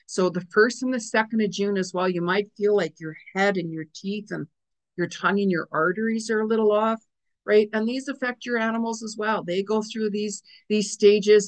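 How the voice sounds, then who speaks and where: A middle-aged woman talks straight to her viewers through a weekly astrology forecast. Her voice sits at a middle pitch. She rambles, piling up fillers and asides as she goes. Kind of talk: casual spoken forecast to viewers.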